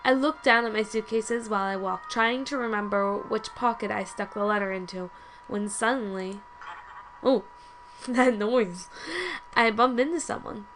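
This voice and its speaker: A woman's voice: medium pitch, normal speed, a bit bright, soft background music, poor audio. A woman reading a story game aloud with chatty asides, often stumbling and correcting herself. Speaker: let's play host.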